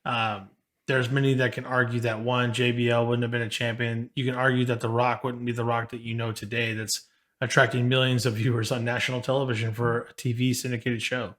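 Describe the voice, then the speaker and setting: A man's voice: mid-range voice, flat delivery, brisk, a bit bright. Podcast dude going through his notes, laid back. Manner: casual, reads history from notes. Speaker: podcast co-host. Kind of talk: reading from notes.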